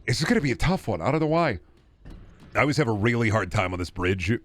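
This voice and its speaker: A young man streaming a shooter game, rambling jokily, swearing a lot and bursting out loudly when things go wrong. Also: fairly low pitch, lively intonation, quick pace, soft background music. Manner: profane, jokey rambling with sudden loud outbursts. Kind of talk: casual gameplay commentary.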